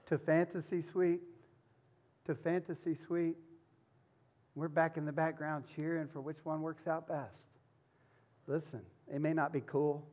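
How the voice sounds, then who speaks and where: A man preaching a sermon as pastor, swinging from loud urgency to hushed tenderness. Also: fairly high pitch, lo-fi sound.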